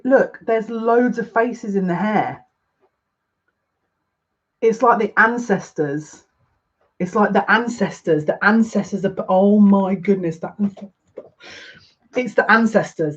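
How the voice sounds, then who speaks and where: A woman giving a live card reading as a psychic, gushing and excitable, easily overwhelmed with emotion. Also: mid-range voice, muffled recording.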